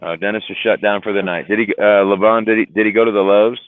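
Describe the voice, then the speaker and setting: A man's voice: on the low side, fairly even intonation, fast talker, no echo. A worn-out man hosting a casual livestream chat, rambling and joking with a laugh. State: tired, worn out. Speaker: livestream host. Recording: tinny phone-like livestream audio.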